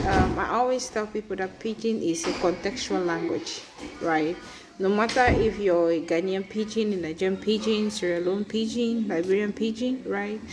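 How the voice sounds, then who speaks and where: A chatty Cameroonian woman in her thirties talks straight to her viewers, mid-pitched and unhurried, tossing in "right?" and easy laughs. The recording carries a steady background hiss with occasional clicks. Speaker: vlogger. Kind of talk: casual personal vlog.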